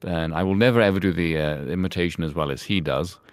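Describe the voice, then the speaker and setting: A man in his thirties, originally from Ireland, talks in a very deep, resonant voice. He chats on a podcast in a calm, wry way and swears freely. The recording is dry and close, with no room sound. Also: fast talker, no echo. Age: 30s. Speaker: podcast co-host. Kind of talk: casual chat.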